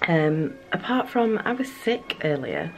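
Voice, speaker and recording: A woman's voice: low-pitched, very animated, measured pace, vocal fry, a little hiss or hum. A woman, a new mother, vlogging casually at home, chatting and sometimes slipping into sing-song baby talk.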